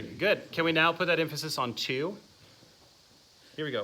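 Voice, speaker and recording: A man's voice: a little high, lively intonation, normal speed, pauses often, a crowd in the background. A man teaching a music masterclass, asking the class questions and counting out phrasing exercises. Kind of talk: classroom instruction.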